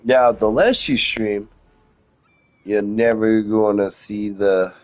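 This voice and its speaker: Slow, laid-back rambling male streamer. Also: lowish voice, steady tone. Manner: profane, meandering, laid-back musing. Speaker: game streamer. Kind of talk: casual rambling stream chat.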